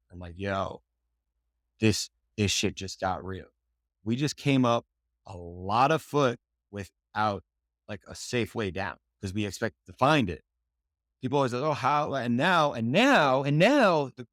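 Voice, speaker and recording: Excitable man telling a story. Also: medium pitch, no room sound, studio quality. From New York City. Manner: slangy, excitable, acts out his own past lines. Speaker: podcast guest. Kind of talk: animated personal storytelling.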